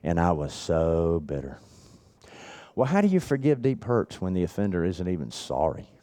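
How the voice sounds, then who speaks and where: A middle-aged man preaching at a men's retreat, telling a personal story with earnest repetition, dropping his voice low and then building it back up. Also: sing-song, normal speed, mellow. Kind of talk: sermon.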